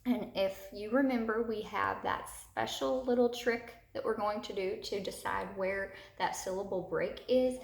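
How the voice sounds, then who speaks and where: A woman teacher giving a recorded lesson to young children, patient and guiding them step by step. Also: medium pitch. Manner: slow, patient, talks learners through each step. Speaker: third grade teacher. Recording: echoey room.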